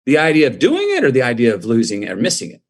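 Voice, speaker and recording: A man's voice: mid-range voice, wildly swooping pitch, racing. A middle-aged man, telling a personal story in a podcast interview with a drawling, reflective manner. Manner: drawling, reflective storyteller acting out quoted voices. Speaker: guest.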